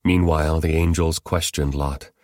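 Man reading scripture, really deep voice, dry close sound. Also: fairly even intonation, moderate pace, a little mellow, no echo. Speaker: scripture reader.

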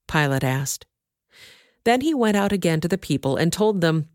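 A woman narrating a scripture passage in a steady, measured reading. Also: low-pitched, no room sound, clean studio sound. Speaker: scripture reader.

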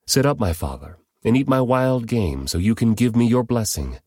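A man's voice: medium pitch, sing-song, moderate pace, darkish tone, slightly rough, no echo, clean studio sound, pitched above the performer's own voice. A man reading the part of a desperate grown son pleading with his father for a blessing. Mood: eager. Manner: pleading, anguished.

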